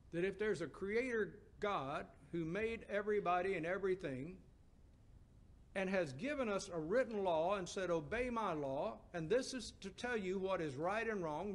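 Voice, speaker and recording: During his sermon, a middle-aged man whose voice sits high asks the congregation emphatic questions and goes hushed whenever he tells a story.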